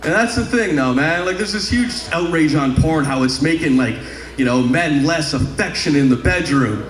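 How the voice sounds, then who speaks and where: A man's voice: a little high, normal speed, slight background noise. A young man doing a crude stand-up comedy set on a club stage, rambling into a handheld mic with sung bits. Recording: echoey live club room.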